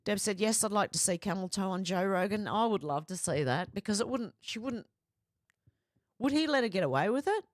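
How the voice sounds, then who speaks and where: An Australian woman hosts a casual, chatty livestream, reading viewer comments aloud and reacting to them. Her medium-pitched voice has lively intonation and runs a little fast. The studio sound is clean with no echo.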